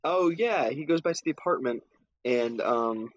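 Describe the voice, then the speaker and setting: A man's voice: medium pitch, normal speed, lo-fi sound, slight background noise. A man in a casual chat, recapping a film scene by scene and acting out the characters' lines as he goes. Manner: animated storytelling, acts out character lines.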